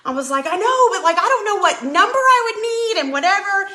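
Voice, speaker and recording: A woman chatting casually on a live stream while she paints, telling a dramatic, animated story. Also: very high voice, fairly quick, reverberant. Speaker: craft channel host.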